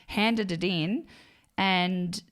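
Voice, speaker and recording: Low-voiced woman telling stories. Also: extremely slow. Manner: animated storyteller, acts out quotes. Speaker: podcast co-host. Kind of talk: casual chat.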